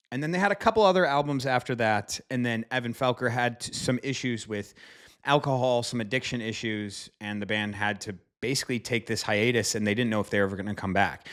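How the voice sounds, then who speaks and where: A man's voice: mid-range voice, a bit bright. A man casually reviewing an album, talking enthusiastically in a rambling way with frequent fillers and casual swearing. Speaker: music reviewer.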